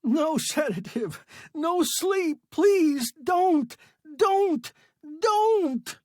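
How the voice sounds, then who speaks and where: A man's voice: very high voice, animated, extremely slow, no room sound, clean studio sound, pitched above the performer's own voice, exaggerated voice. A man voicing a desperate, half-mad stranded old man who screams and pleads. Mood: pleading.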